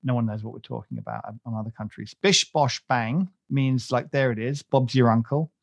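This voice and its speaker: A man's voice: mid-range voice, normal speed, creaky, no echo. A man co-hosting a podcast, chatting casually in a rambling, self-mocking way with many fillers and restarts. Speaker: podcast co-host. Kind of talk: casual chat.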